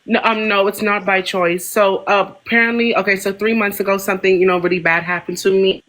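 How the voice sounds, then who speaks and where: A caller with a DC-area American accent plays a job applicant, deferential and full of fillers. The voice stays flat in pitch and has a bright tone. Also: a little fast. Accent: American, Washington DC area. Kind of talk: role-play job interview.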